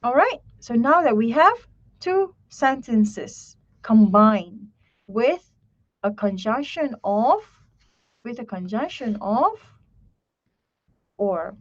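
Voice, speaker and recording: A woman teaching English grammar in an online lesson, slowly repeating herself and checking in with "right?" and "okay". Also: on the high side, sing-song, highs cut off.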